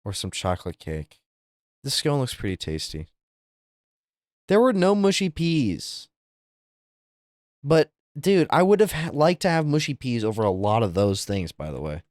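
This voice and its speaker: A young man streaming live, chatting casually with viewers and reacting to things with loud, incredulous, profane outbursts. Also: medium pitch, wildly swooping pitch, a little slow, long pauses, no echo, studio quality. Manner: incredulous, swearing, exaggerated reactions.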